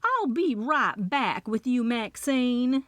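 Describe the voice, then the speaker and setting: A woman's voice: on the high side, sing-song, slow, fairly bright tone, no room sound, studio quality, pitched above the performer's own voice, exaggerated voice. A woman voicing a fussy Southern woman who directs a small-town play, full of syrupy charm. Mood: flustered.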